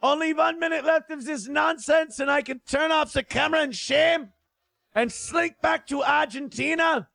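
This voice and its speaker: A barking mock-German dictator, put on by a man, ranting and pleading in bombastic bursts. The voice sits high and strained, with a gravelly rasp under the shouting. It sounds close and dry, as if no room is around it. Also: moderate pace, no echo, heavily acted. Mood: mock shame. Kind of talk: comic impression on a livestream.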